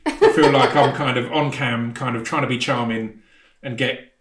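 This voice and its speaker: A man's voice: mid-range voice, fairly even intonation, moderate pace, a bit bright, reverberant. A man talking casually as a podcast guest, with a stammer that catches on the first sounds of words. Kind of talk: casual chat.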